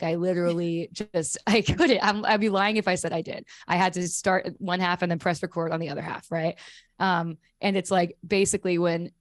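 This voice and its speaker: A woman's voice: fairly low pitch, no echo. Chatty woman singer, dry studio sound. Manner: chatty, laughs often, many fillers. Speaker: singer guest. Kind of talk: casual radio interview. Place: radio studio.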